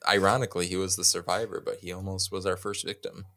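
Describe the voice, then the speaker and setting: A man's voice: sits low, level tone, fast talker, a bit bright. A man co-hosting a podcast in casual, rambling chat. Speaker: podcast co-host.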